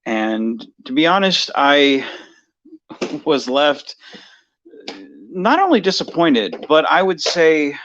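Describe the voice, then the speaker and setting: A man's voice: mid-range voice, fairly bright tone, highs cut off. A man rambling through a casual personal monologue for his video, full of fillers and restarts. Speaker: vlogger.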